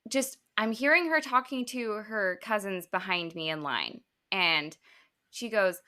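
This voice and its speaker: Bright, chatty woman podcast co-host. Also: medium pitch, a little slow, clean tone. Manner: animated, chatty, many filler words. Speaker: mother of a five-year-old. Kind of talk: casual chat, storytelling.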